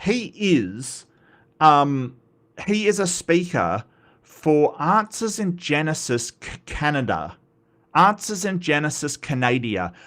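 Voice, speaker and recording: A man's voice: mid-range voice, a bit bright. Rambling, self-deprecating male commentator. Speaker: commentary host. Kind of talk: casual commentary chat.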